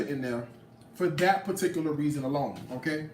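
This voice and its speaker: A man's voice: fairly high pitch, a little fast, darkish tone, recorded from a distance, a little hiss or hum. A man in his late thirties giving a casual cooking demo in a home kitchen, sassy and playful, talking back to his viewers. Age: late 30s. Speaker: home cook. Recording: roomy, off-mic kitchen sound.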